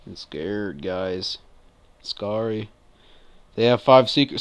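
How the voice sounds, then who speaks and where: A man giving relaxed gameplay commentary, often mumbling to himself. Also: lowish voice, takes it slowly, long pauses, clean tone. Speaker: gamer.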